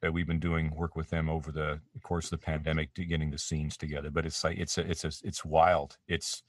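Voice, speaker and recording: With a bass voice and flat, brisk delivery, a Canadian voice actor rambles self-deprecatingly through casual interview chat from his home studio, often starting over. The recording is dry and the mic a little distant.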